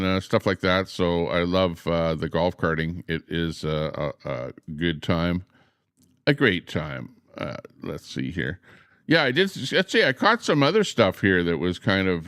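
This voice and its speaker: A man hosting a livestream outdoors beside trees, chatting in a meandering way with lots of pauses and filler words. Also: deep voice, fairly bright tone, smooth, no echo, studio quality. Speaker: livestream host. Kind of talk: rambling casual livestream chat.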